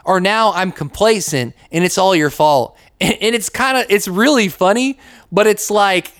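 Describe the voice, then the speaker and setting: In easygoing faith-podcast talk, a young US host speaks at a normal speed in a high, slightly bright voice, peppering his lines with "like" and acting out little quotes. It's a studio-quality recording without room sound.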